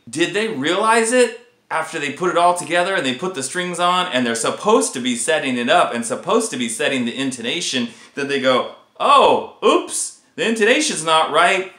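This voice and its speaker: A man hosting a casual guitar vlog, ranting in an animated, exasperated way about a faulty guitar. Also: fairly high pitch, reverberant. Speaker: guitar video host.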